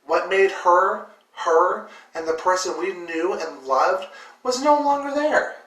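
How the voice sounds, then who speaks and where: A woman's voice: fairly low pitch, expressive, takes it slowly, fairly bright tone. A woman vlogger telling a personal story with emotion, full of fillers and repeated words. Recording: roomy echo, distant mic.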